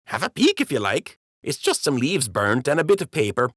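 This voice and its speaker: A man's voice: mid-range voice, wildly swooping pitch, fairly quick, a bit bright, no room sound, clean studio sound, pitched above the performer's own voice. A man voicing a rustic, jokey male rabbit dockworker who talks in ungrammatical country speech. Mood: folksy.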